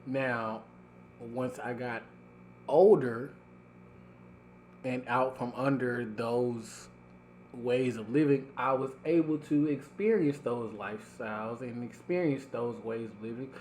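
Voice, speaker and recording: A man hosting a casual podcast, talking in a slow, deliberate, reflective way. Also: mid-range voice, slight background noise. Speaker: podcast host.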